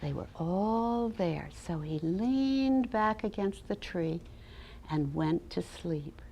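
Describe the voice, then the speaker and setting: A woman's voice: fairly low pitch, animated, takes it slowly, dull audio, slight background noise. A woman educator giving a dramatic storybook reading, then talking about teaching. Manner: dramatic, with hushed and loud turns. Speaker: early childhood educator.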